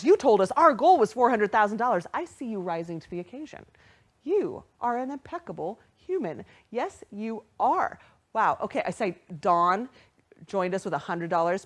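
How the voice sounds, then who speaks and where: A young woman hosts a live online fundraiser, thanking donors by name in a bubbly, upbeat patter. Her voice swoops up and down with lively animation. She sits at a middle pitch for a woman. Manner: upbeat, animated, bursts of excited squeals at donations. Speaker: virtual gala host.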